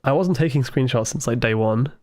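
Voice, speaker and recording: Excitable man streaming a puzzle game. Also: medium pitch, dry recording. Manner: thinking aloud, excitable, quick asides to chat. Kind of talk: live gameplay commentary.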